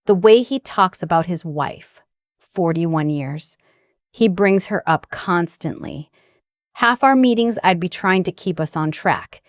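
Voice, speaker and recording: Gentle grateful young woman, voiced by a woman, low-set and confiding, dry close sound for an audio drama. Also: no echo. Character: young woman, soft-spoken, grateful and tender.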